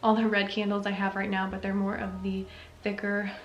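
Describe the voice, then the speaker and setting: A young woman in her twenties, a vlogger, gushing softly and enthusiastically as she shows off her thrifted home decor. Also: mid-range voice, completely flat delivery, a little fast, dull audio, slight background noise. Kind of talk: casual thrift haul show-and-tell.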